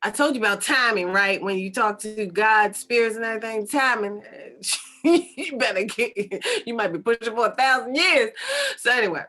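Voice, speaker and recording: Woman, spiritual teacher, storytelling, animated, repetitive, high voice, bright tone. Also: normal speed. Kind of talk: storytelling talk.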